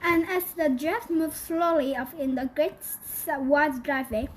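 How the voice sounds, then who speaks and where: A woman whose first language is Korean, reading a children's book aloud in English, halting with slips and self-corrections. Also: high-pitched, poor audio. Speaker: storybook reader.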